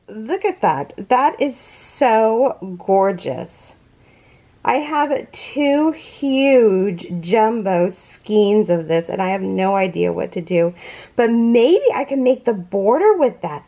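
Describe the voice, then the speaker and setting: A woman's voice: a little high, very animated, slow pace, mellow. A woman hosting a crochet unboxing vlog, gushing and awed, gasping and close to tears. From California. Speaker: crochet channel host.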